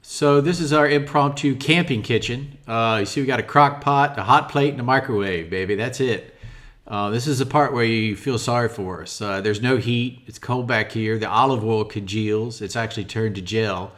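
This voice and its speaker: A man narrating his home renovation vlog in a relaxed, chatty voice-over, with lots of filler words and light jokes. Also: mid-range voice, moderate pace.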